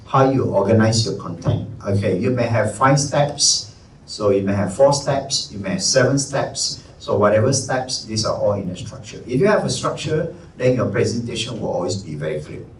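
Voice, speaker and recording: A man with a Malaysian English accent teaching a live workshop, energetic and conversational, stressing key words. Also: fairly low pitch, normal speed. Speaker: trainer. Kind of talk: live presentation skills workshop. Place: training room. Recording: echoey room, distant mic, faint room noise.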